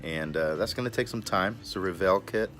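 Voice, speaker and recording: A man's voice: low-pitched, a little fast, fairly bright tone, soft background music. A man reviewing a cigar in a casual vlog, laid-back and chatty, who often calls himself by his own nickname in the third person. He is recorded outdoors in a backyard.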